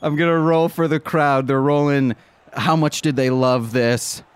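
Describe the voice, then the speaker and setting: A man narrating a tabletop game as game master, animated and rambling with many fillers. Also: on the high side, a little slow, clean tone, no room sound.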